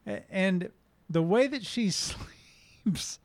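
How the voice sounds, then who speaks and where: A man in casual chat, telling an animated story between laughs. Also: high-pitched, drawn-out words, vocal fry, no echo.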